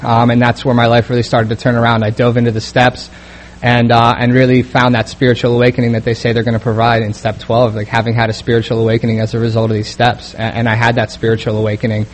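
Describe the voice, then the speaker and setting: A young man telling his recovery story as a personal testimony, halting with many fillers and restarts. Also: medium pitch, completely flat delivery, a little hiss or hum. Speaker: speaker sharing a recovery story.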